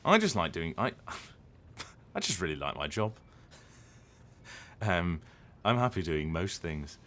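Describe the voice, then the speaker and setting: A voice actor chatting casually on a live stream, rambling and hesitant with lots of ums and restarts. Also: male voice, low voice, big pitch swings, takes it slowly, a bit bright.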